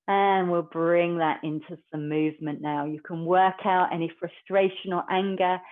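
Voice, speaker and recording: Calm woman guiding yoga, tinny sound. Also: fairly low pitch. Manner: calm, slow, gentle guidance. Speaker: yoga teacher. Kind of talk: guided yoga instruction. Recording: tinny phone-like recording.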